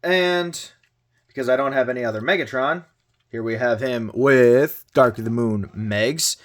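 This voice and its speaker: In an unhurried, mid-range voice, a Canadian man gives a casual toy review. He chats and cracks jokes, with small bursts of exasperation as he fiddles with the toy.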